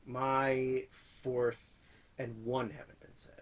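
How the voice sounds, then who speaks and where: A man's voice: mid-range voice, completely flat delivery, takes it slowly, rough recording. A man co-hosting a podcast, trading dry, teasing banter in casual chat. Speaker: podcast co-host.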